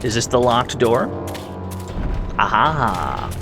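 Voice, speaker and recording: A playful man talks slowly through a game stream in a lively voice with wide swings in pitch. Game music plays clearly under him. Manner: playful, laughs often, mock-dramatic. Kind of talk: casual gameplay commentary.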